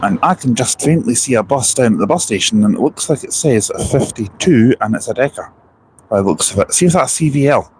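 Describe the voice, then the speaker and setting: A man's voice: mid-range voice, expressive, brisk, darkish tone, a little hiss or hum. A man with a sore throat chatting casually on a phone live stream outdoors by a bus station, rambling and reading out viewer comments.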